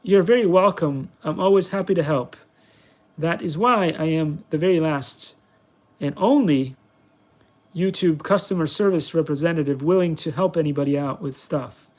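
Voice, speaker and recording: A man's voice: a little high, moderate pace, darkish tone. Rambling playful man reviewer. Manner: playful, self-mocking, rambling. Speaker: product reviewer, channel host. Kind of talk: casual vlog commentary while playing.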